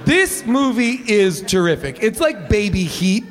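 Excitable high-voiced man in a roomy hall. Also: measured pace, noisy background. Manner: excitable, jokey, loud outbursts. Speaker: podcast co-host. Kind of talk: casual movie review chat.

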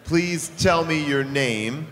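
A man hosting a live comedy podcast in front of an audience, quick and joking as he leads the show. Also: fairly high pitch, a bit bright, in a large hall, slight background noise. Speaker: podcast host.

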